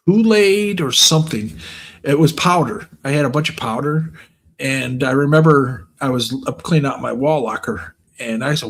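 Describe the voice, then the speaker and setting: A man's voice: medium pitch, vocal fry. A man telling a crude school story in casual chat, swearing freely and acting out the other voices. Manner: crude, swearing, animated retelling with quoted voices.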